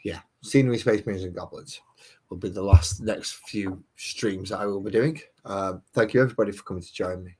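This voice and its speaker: A man's voice: sits low, brisk, dark tone, slightly rough. A man hosting a live stream, rambling, swearing freely and joking at his own expense. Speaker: stream host. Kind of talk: casual live-stream chat.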